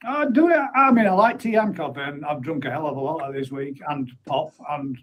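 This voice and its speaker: A man's voice: on the high side, lively intonation, brisk, dull audio. A man hosting a casual live stream, reading out viewer comments in a laddish, chatty way while getting over an illness. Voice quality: chatty and laddish, calls people mate and bud. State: recovering from illness. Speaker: host of a live pond chat stream. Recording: faint background noise.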